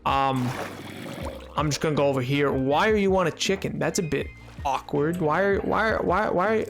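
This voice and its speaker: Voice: mid-range voice, moderate pace, vocal fry, music in the background. A streamer giving playful, chatty live commentary to chat while playing a game, indoors at a desk microphone. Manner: playful, chatty, self-mocking.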